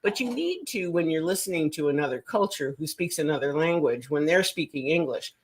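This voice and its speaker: A woman's voice: low voice, a little fast, a little hiss or hum. A woman from Canada, a nurse, telling stories in casual radio talk, leaning on "you know". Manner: animated storyteller, fillers like "you know". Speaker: nurse guest.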